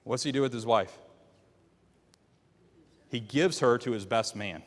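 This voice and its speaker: A man's voice: mid-range voice, a little slow, big-room sound. A man teaching a Bible class, walking listeners through the story by quizzing them with questions. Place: church classroom.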